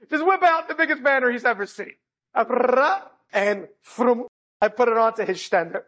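Brief: an animated male storyteller, humorous, speaking to a live audience. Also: extremely high pitch, measured pace. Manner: animated, humorous, often laughing, voices the people in the story. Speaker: inspirational speaker.

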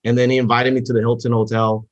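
A man's voice: mid-range voice, flat delivery, fast, dry recording. Rambling man telling his story. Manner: rambling, many fillers and restarts. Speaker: guest, network marketer. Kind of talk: casual storytelling interview. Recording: dull, muffled sound.

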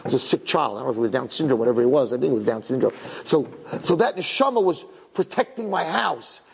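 A man's voice: mid-range voice, lively intonation, fairly quick, gravelly, breathy edge. A man telling an inspirational story to an audience, emotional and repeating words for emphasis. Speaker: religious speaker. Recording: long hall reverb.

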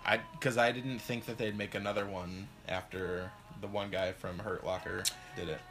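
A man co-hosting a casual podcast, tossing in jokes and quick interjections. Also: on the low side, steady tone, a bit bright, soft background music. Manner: joking interjections, quick quips. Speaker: podcast co-host. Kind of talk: casual chat.

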